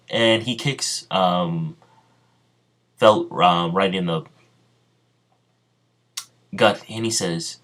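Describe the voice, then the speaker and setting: A man improvises a fan-fiction story aloud, in a fairly low voice. His delivery halts and restarts often, filled with ums, and his throat sounds strained. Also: a bit bright. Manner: halting, full of ums and restarts.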